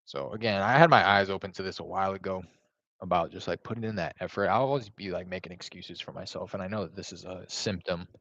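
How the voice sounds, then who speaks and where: A man's voice: low-pitched, fairly even intonation, quick pace, fairly bright tone, no room sound. A man making casual real estate cold calls from home while making lunch, talking in a laid-back, conversational way with lots of fillers. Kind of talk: casual livestream chat and phone calls. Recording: slightly dull, dry recording.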